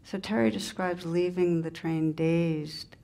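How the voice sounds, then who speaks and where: Low, gravelly-voiced woman meditation teacher. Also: steady tone. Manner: gentle, unhurried, in short pausing phrases. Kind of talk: spiritual talk with storytelling.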